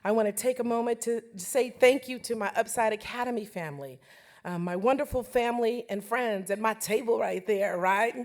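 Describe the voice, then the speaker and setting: A woman's voice: on the high side, moderate pace. A woman in her forties giving an emotional, laughing acceptance speech to a banquet audience. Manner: warm, laughing, tearful toward the end. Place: banquet hall with live audience.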